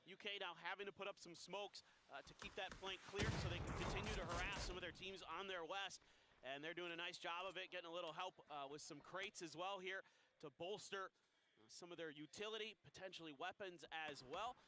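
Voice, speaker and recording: A man calling a team shooter match as play-by-play commentary, steady and analytical. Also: high voice, brisk. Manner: steady analytical calling, rising when excited. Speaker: esports caster. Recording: noisy game broadcast.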